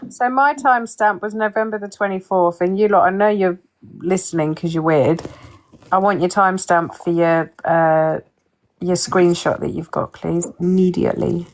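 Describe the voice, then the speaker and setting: A woman's voice: on the low side, steady tone, normal speed, low-quality recording. A woman hosting a casual live stream, talking in a combative, sarcastic way and swearing.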